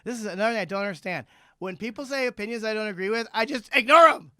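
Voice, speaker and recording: A man's voice: high-pitched, very fast, bright, forceful tone, no room sound, studio quality. A man co-hosting a comedy podcast, ranting in a profane, agitated way. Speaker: podcast co-host. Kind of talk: comedic rant. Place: club basement studio.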